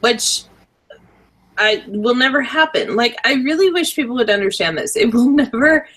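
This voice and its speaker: A young adult woman co-hosting a podcast, chatting casually with animated, opinionated asides. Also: a little high, normal speed, breathy edge. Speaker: podcast co-host. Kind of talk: casual chat.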